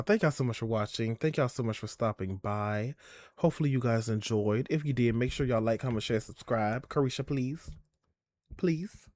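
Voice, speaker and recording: A man's voice: medium pitch, a little mellow, no echo, clean studio sound. A young man live-streaming in a sassy, chatty way, swearing a lot and calling his viewers "girl" and "y'all.". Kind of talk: casual live-stream chat.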